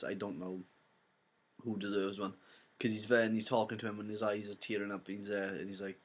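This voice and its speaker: Rambling young Welsh man retelling a film. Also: lowish voice. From Wales. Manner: rambling retelling full of "like" and "basically". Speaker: film reviewer. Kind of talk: casual spoiler review.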